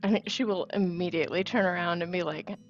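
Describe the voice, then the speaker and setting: A woman player in a tabletop game, speaking in a relaxed, hesitant way. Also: on the low side, quick pace, lo-fi sound, faint music behind.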